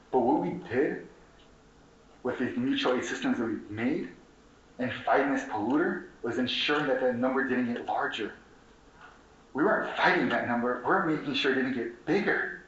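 A young man gives a fiery, profane activist speech to a conference audience, repeating himself and throwing questions at the crowd. His voice sits at an ordinary pitch and comes from a distance in an echoey hall. The recording sounds dull and slightly muffled. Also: a bit bright. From Mexican heritage, Chicago. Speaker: community organizer speaking at a conference.

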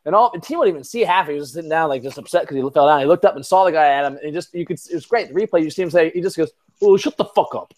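A fairly high-voiced young man in loose podcast chat, swearing freely and tripping over his own restarts. His talk is full of fillers as he rambles from point to point. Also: rapid-fire, few pauses, a little mellow. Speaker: podcast co-host. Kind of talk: casual sports chat.

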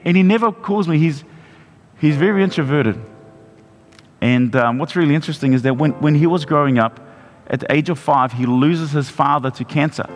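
New man preaching in an echoing hall. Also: a little high. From New Zealand. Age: 40s. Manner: personal storytelling with frequent restarts and repeats. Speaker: pastor. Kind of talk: sermon. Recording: long hall reverb with music behind.

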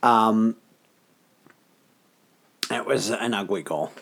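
A man's voice: lowish voice, very slow, fairly bright tone, slight background noise. Chatty guy cohosting a sports podcast, jokey, rambles with lots of ums. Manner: chatty, joking, many fillers and asides. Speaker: podcast co-host. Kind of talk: casual sports podcast chat.

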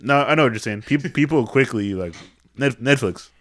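A man's voice: medium pitch, lively intonation, moderate pace, a bit bright. A man co-hosting a casual comedic chat, making dry sarcastic quips. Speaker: podcast co-host.

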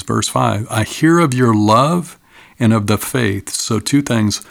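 A middle-aged male pastor delivers an earnest, measured sermon in a low, gravelly voice. The recording is dry and close, with no room sound behind him. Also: no echo. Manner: earnest, measured preaching with rhetorical questions.

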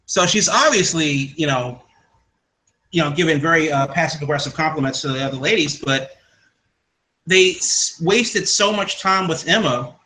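A man co-hosting a casual wrestling podcast, quick and opinionated with jokey asides. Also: fairly high pitch, bright, forceful tone, a little hiss or hum, low-quality recording. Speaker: podcast co-host.

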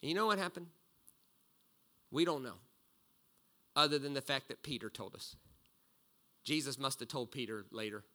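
Animated preacher man, bright sharp voice. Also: normal speed, pauses often. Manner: animated storyteller, swings from loud bursts to low asides. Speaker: pastor. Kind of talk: sermon with storytelling.

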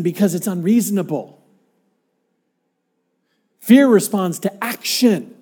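A man preaching a sermon, earnest and dynamic, dropping to a hush and then rising to emphatic points as he tells stories. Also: high voice, unhurried, long pauses, husky. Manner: dynamic, swinging from hushed to emphatic; earnest storytelling with acted-out quotes. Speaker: pastor.

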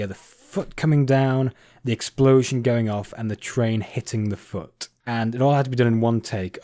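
A man's voice: on the low side, warm tone, dry recording. A man hosting a casual podcast chat, explaining at length with frequent fillers and restarts. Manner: rambling, many fillers and restarts. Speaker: podcast host.

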